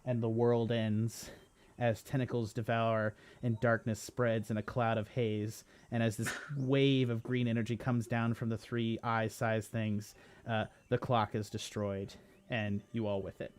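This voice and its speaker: A man's voice: medium pitch, level tone, unhurried. A man running a tabletop game as game master, narrating with frequent fillers and self-corrections.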